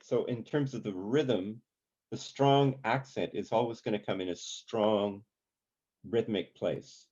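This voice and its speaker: A man leading a community songwriting workshop, talking in a relaxed, halting way with many ums and sung examples. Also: lowish voice, lo-fi sound. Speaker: songwriting teacher.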